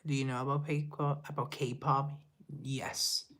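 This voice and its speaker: A man's voice: mid-range voice, level tone, slow, fairly bright tone. Chatty, self-deprecating young man streaming live. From Colombia. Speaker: livestreamer and musician. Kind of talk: casual live-stream chat reading viewer comments.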